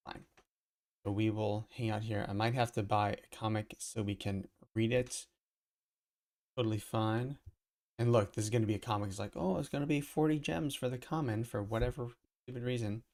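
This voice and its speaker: A man's voice: fairly low pitch, steady tone, moderate pace, long pauses, darkish tone. A man casually talking through a live stream at his computer, rambling and thinking aloud as he goes. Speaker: crypto collectibles streamer. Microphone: desk mic.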